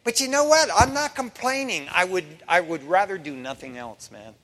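A man preaching as a pastor in a conversational sermon, folksy, swinging from hushed to loud. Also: sits high, animated, moderate pace, big-room sound. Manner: folksy asides.

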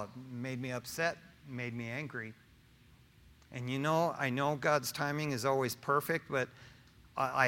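A man's voice: a little high, sharp tone. A middle-aged man preaching an informal sermon, talking straight to the congregation with questions and slang. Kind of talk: conversational sermon with personal testimony.

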